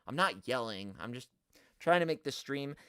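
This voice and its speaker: A man hosting a live stream, ranting at the chat in an animated, exaggerated way and swearing often. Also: mid-range voice, normal speed, clear, resonant tone, no echo, studio quality. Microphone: studio mic, no camera.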